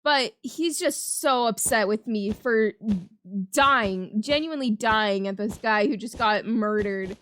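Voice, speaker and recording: A woman's voice: on the high side, takes it slowly, fairly bright tone, clear, resonant tone. A young woman chatting casually while she plays a game, rambling through a story and laughing often as she talks. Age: young adult. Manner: giggly, laughs often mid-sentence. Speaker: gaming channel host. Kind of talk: casual storytelling over gameplay commentary.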